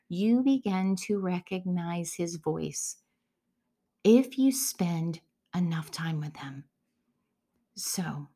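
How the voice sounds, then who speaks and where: A middle-aged woman giving a devotional teaching, earnest and often dropping to a hushed whisper. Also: mid-range voice. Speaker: Christian speaker.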